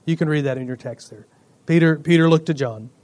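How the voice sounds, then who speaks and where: A male pastor preaching a sermon, swinging between loud emphatic lines and quiet asides, joking with the congregation. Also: a little high, brisk. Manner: jokes with the congregation.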